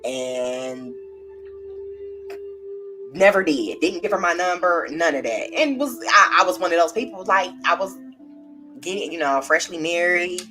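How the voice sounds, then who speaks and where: A young woman with a low voice talks candidly into a close webcam mic during a livestream. She rambles, reads out viewer comments and shares her feelings openly. Faint music plays behind her. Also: animated, a little slow, pauses often. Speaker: tarot reader hosting a livestream. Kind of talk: emotional livestream chat with viewers.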